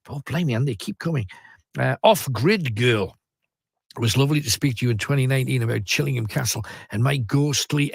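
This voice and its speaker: A man's voice: mid-range voice, vocal fry, no room sound, studio quality. A man hosting a late-night radio phone-in, reading out listener messages and teasing his callers. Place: radio studio. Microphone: studio mic.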